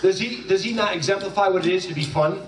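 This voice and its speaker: A man's voice: sits high, quick pace, distant mic, background noise. Jokey man speaking in an echoey hall. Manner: loose, jokey, with frequent restarts. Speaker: graduation speaker. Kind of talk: joking storytelling speech.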